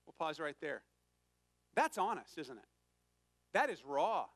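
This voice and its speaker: A man's voice: a little high, sing-song, measured pace, long pauses, fairly bright tone, no echo. A man preaching a sermon to his congregation, earnest and conversational, reading scripture with emphasis. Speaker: pastor.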